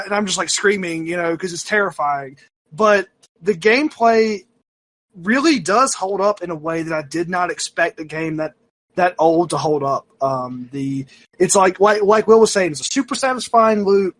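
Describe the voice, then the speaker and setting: A man co-hosting a casual gaming podcast, talking in a rambling, animated way full of fillers and restarts and mocking himself. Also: sits high, normal speed. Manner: animated, self-mocking storyteller. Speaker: podcast co-host. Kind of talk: casual chat.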